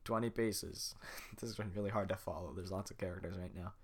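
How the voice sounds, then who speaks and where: A man's voice: low-pitched, fairly even intonation, quick pace, slightly rough. A man casually retelling a film scene by scene, rambling and interrupting himself as he narrates. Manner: rambling, self-interrupting with fillers.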